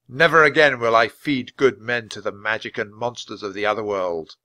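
A man voicing a proud king in a storybook reading, speaking firmly and forcefully. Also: medium pitch, steady tone, moderate pace, no echo, close to an everyday voice. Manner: firm and forceful. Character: proud angry king, middle-aged man.

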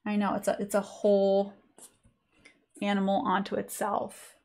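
A woman's voice: medium pitch, completely flat delivery, normal speed, creaky, darkish tone. Chatty woman teaching a drawing lesson. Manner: chatty, informal, many fillers. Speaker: art teacher. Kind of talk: live online drawing lesson.

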